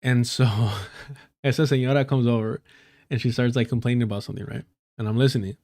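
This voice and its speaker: A man hosting a live stream, chatting loosely and swearing often. His tone is joking and full of slang, at an ordinary pitch for a man. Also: fairly even intonation, fast, warm tone. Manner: profane, joking, uses a lot of slang. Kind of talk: casual storytelling on a live stream.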